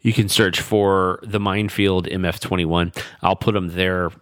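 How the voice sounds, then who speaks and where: A man hosting a podcast, telling stories in a rambling, relaxed way. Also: deep voice, measured pace, no room sound, clean studio sound. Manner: rambling, relaxed storytelling with fillers. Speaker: podcast host. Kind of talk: casual chat.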